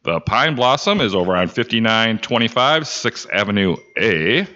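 A man's voice: fairly low pitch, big pitch swings, normal speed, bright, forceful tone. A man co-hosting a local podcast, reading merchandise promos and asking the guest questions. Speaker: podcast co-host. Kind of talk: casual podcast interview. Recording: dull lo-fi podcast recording.

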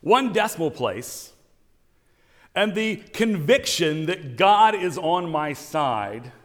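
Man preaching a story in a reverberant church. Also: high voice. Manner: storytelling, animated, wry asides. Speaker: pastor. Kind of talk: sermon.

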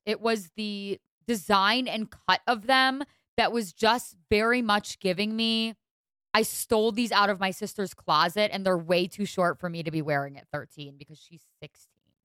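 Animated woman ranting about fashion. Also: mid-range voice, clear, resonant tone, no room sound. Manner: animated, exasperated, gushing. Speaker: podcast host. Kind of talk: casual fashion commentary.

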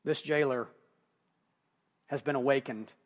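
A male pastor preaching a sermon, swinging between hushed, quiet moments and emphatic, rising passages. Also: medium pitch, fairly even intonation, unhurried.

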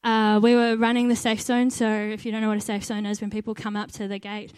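A young woman tells a personal story of faith and volunteering, earnest and now and then laughing at herself. Her voice sits at an ordinary middle pitch. The sound is close and dry, with no room around it. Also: monotone, quick pace, a little mellow, clean tone, dry recording. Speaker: volunteer team leader. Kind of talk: personal testimony.

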